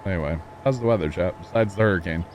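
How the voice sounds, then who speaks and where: A man streams a farming game, his low, slightly mellow voice moving quickly over dull audio with a little hiss or hum. Chatting casually, he reads chat messages aloud, answers them, and explains farm equipment.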